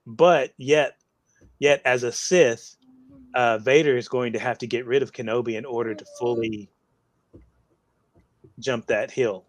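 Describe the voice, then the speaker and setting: A man co-hosting a casual fan discussion, halting with many fillers as he gathers his thoughts. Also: mid-range voice, no echo. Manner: hesitant, many uh fillers and restarts. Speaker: co-host.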